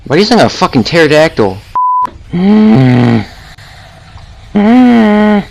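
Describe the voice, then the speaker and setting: A man giving horror game commentary in a slow, drawn-out way. His pitch swings widely as he gasps, swears and taunts whatever is stalking him. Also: very animated, gravelly, background noise. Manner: jumpy, gasping, swearing, taunting the monster. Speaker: gaming video creator.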